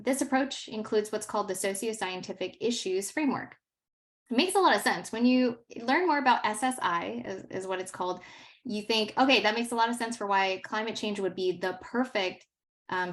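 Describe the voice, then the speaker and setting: A woman in her thirties, a teacher, gives a workshop presentation with a lowish voice. She tells stories animatedly, laughing often and saying um a lot.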